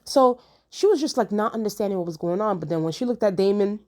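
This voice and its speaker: A woman's voice: medium pitch, expressive, quick pace, warm tone. A woman chatting casually as she reviews a TV episode, slangy and repeating lines for emphasis. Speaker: TV show reviewer.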